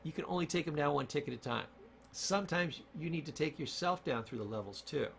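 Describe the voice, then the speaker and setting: A man's voice: a little high, expressive, brisk, gravelly, fairly bright tone, a little hiss or hum. A man giving an emphatic motivational lesson on self-talk and word choice, repeating key points for stress. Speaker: communication coach.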